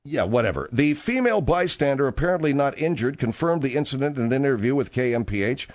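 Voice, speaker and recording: A male talk radio host reads news and drops offhand, wry asides. His voice sits mid-pitch. It is dry and close on a studio mic. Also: very animated, fast, a little mellow, no room sound.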